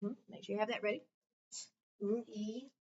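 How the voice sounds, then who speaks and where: Woman teacher, one-on-one phonics tutoring, patient and drawn-out, slightly high voice, heard from across the room. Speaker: reading teacher. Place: school classroom. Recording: distant, dull lo-fi recording.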